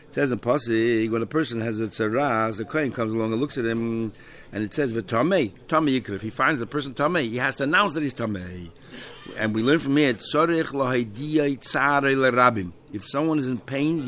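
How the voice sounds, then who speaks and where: A man's voice: mid-range voice, fairly bright tone. Man, Talmud teacher, reads then translates, chatty, fillers. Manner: reads Aramaic phrases then translates them, with many fillers. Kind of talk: explaining a Talmud page.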